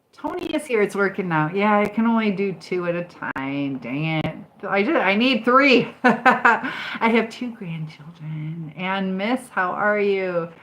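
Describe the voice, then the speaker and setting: A woman's voice: mid-range voice, a bit bright, rough recording. An older woman from Michigan hosting a casual livestream, chatting and answering viewer comments with frequent ums. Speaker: livestream host. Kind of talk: casual live chat reading comments.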